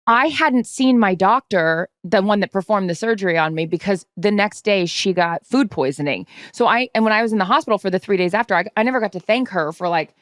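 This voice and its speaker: A woman's voice: mid-range voice, expressive, brisk, hardly any pauses, no room sound, studio quality. A woman in her thirties co-hosting a podcast in a casual, chatty conversation. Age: 30s. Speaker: podcast co-host. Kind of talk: casual chat.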